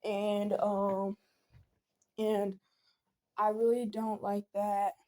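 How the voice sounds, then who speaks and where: A woman's voice: medium pitch, monotone, drawn-out words, a little mellow. A young woman venting in a casual storytime vlog, rambling with many fillers and restarts. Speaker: vlogger.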